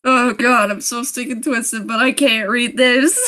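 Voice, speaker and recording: A woman's voice: on the high side, steady tone, a little slow, few pauses, fairly bright tone. A young woman reading a creepy story on a live stream, often breaking off to laugh and make sarcastic jokes about the writing.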